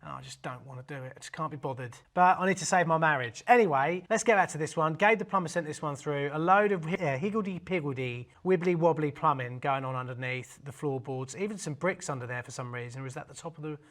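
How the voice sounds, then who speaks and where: A man's voice: on the high side, fast, few pauses, fairly bright tone. A man, hosting a casual video in a cheeky, jokey manner. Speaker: host. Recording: faint music underneath.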